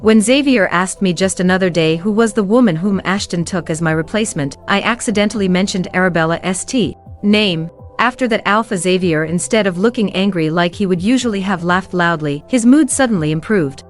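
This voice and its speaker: A woman's voice: medium pitch, a little fast, hardly any pauses. A young woman narrating a first-person werewolf romance story in a cold, cutting manner, with faint music behind.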